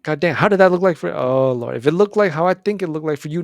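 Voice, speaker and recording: A young adult man hosting a casual self-improvement talk, rambling and animated, correcting himself and calling the listener "bro". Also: on the high side, fast, gravelly, no echo. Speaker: self-improvement video host.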